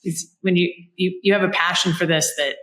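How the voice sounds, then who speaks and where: A woman's voice: lowish voice, fairly even intonation, brisk, a bit bright. A woman hosting a podcast interview on a farm, enthusiastic and affirming. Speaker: podcast host. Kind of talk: casual interview conversation. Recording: echoey room.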